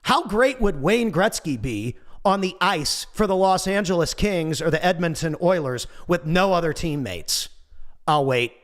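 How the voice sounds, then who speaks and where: A man in his forties delivering a casual motivational monologue, animated and goofy, swearing now and then. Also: high voice, unhurried. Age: 40s. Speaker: motivational speaker.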